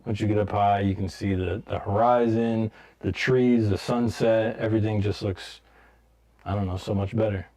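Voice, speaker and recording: Male podcast co-host, relaxed and brief, slightly low voice. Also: normal speed, creaky. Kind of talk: casual chat.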